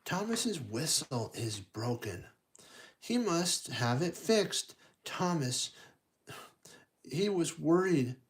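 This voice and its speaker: Storytime host, expressive read-aloud, kid-directed, lively pitch, sound effects. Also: slow, pauses often. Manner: animated, playful, talks to children directly with sound effects.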